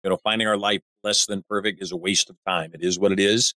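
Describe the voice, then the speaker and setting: A man's voice: low voice, fairly even intonation, fast talker, bright, forceful tone, dry recording. A man hosting a podcast interview in a casual, blunt, opinionated way. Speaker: podcast host.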